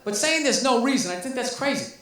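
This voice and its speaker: A man's voice: extremely high pitch, expressive, brisk. A male stand-up comedian performing a routine, telling exasperated, profane stories and acting out the people in them. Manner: profane, exasperated storytelling with mock-quoted voices. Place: stand-up special played back in a room. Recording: roomy, distant, noisy playback.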